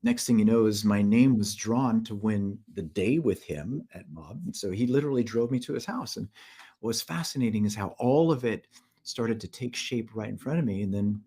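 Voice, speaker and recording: Casting: low-pitched male interview guest, earnest storyteller, repeats himself as he goes. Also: expressive, normal speed, warm tone, breathy edge. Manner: earnest, repeats words, acts out quotes.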